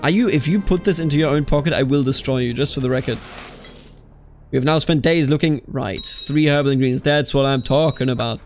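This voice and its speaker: A man's voice: mid-range voice, brisk, soft background music. A man hosting a strategy game let's play, chatting casually with exasperated outbursts and reading game events aloud. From Bavaria. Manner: animated, exasperated outbursts, calls people dude.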